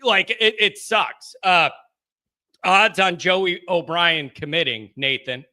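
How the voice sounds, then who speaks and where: A man hosting a live fan call-in stream, rowdy and jokey, reading chat comments and riffing loudly. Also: high-pitched, takes it slowly. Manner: rowdy and excitable, jokey, shouts bits for effect. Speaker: host of a fan call-in show.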